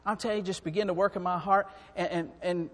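A man preaching a sermon, swinging from quiet talk up to fervent, shouting peaks. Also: high voice, steady tone, fast talker. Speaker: preacher and song director. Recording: long hall reverb.

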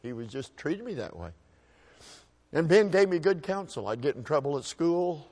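A man's voice: fairly high pitch, big pitch swings, darkish tone. Folksy man telling a personal story. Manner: folksy, halting, repeats words while restarting. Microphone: microphone.

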